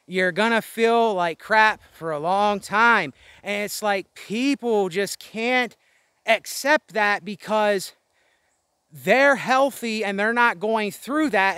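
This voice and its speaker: A man's voice: high-pitched, takes it slowly, pushed and bright, no room sound. Winded, frustrated man venting outdoors. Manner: rambling, weary, frustrated. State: out of breath. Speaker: vlogger. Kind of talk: candid venting monologue. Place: outdoors, windy spot above a road.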